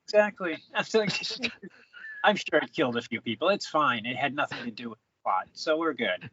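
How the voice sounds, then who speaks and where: An easygoing man chats about a film, laughing along and agreeing. His voice is fairly high and lively, and the podcast audio sounds dull and lo-fi. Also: moderate pace, slight background noise. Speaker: podcast co-host. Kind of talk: casual chat.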